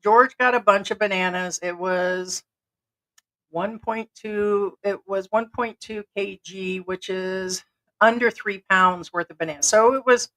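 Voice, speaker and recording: A woman's voice: mid-range voice, fairly bright tone, rough recording. Chatty woman, livestream co-host, mid-range voice, tells stories by acting out what everyone said. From United States. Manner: chatty storyteller, acts out quoted dialogue. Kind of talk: casual livestream chat.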